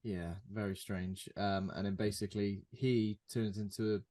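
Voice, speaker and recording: A man's voice: on the low side, fairly even intonation, normal speed, warm tone. Brit guy co-hosting a horror podcast, laid back, lots of ums. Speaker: podcast co-host. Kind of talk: casual film recap chat.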